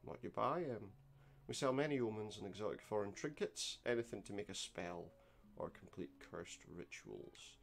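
A man's voice: fairly low pitch, moderate pace, gravelly, few pauses. A man voicing a theatrical, self-important male occult shopkeeper who speaks in grand, archaic phrases. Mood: grandiose.

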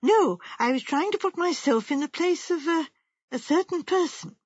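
A woman voicing a gentle elderly spinster who speaks mildly and rambles a little. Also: high voice, animated, normal speed, no room sound, voice pushed up. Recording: muffled lo-fi.

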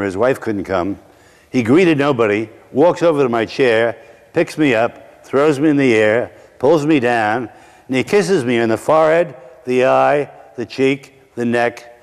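A middle-aged man from Brooklyn, preaching through a personal story with wry asides and slow dramatic pauses. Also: mid-range voice, a little mellow, in a large hall. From Brooklyn, New York. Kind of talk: sermon storytelling.

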